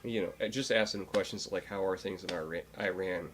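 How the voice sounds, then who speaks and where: A man's voice: low-pitched, steady tone, fairly quick, noisy background. A man co-hosting a podcast, telling a story in casual chat with many fillers and restarts. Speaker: podcast co-host.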